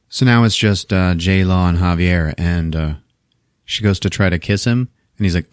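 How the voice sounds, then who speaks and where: A man's voice: low voice, lively intonation, normal speed, no echo, clean studio sound. A man casually retelling a movie plot on a podcast, swearing freely, laughing often and acting out the characters' lines. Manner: profane, laughing, acts out characters. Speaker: podcast host.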